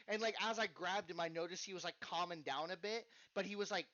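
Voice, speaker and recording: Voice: medium pitch, fairly quick, hardly any pauses, bright, forceful tone. A podcast host telling a story in casual chat, acting out the voices and swearing freely. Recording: dull lo-fi podcast recording.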